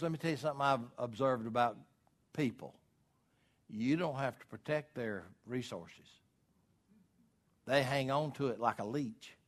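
A man preaching a sermon, asking the congregation to fill in words, swelling loud on key words and dropping low to press a point. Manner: asks the congregation questions to fill in.

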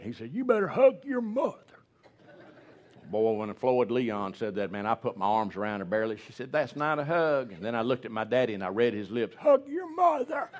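A man in his sixties preaching a humorous, folksy storytelling sermon, rambling and restarting as he jokes. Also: fairly low pitch.

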